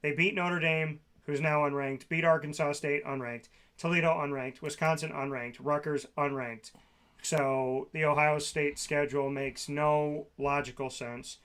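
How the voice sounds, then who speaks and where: Sarcastic, bright-voiced man ranting on football. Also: fairly high pitch, fairly even intonation, unhurried, clean tone. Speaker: sports talk co-host. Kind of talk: casual sports talk.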